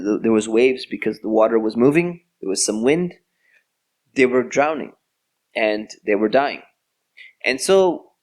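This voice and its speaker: A man giving a storytelling religious lecture in a conversational, casual way. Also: mid-range voice. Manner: conversational, relaxed with casual fillers. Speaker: Islamic lecturer.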